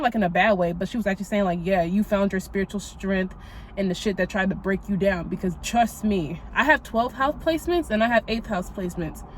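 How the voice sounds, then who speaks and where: Here a twenty-something woman with a mid-range voice delivers a casual spiritual podcast monologue as host. Her talk is blunt and sassy, heavy on swearing and "like" fillers, with slight background noise.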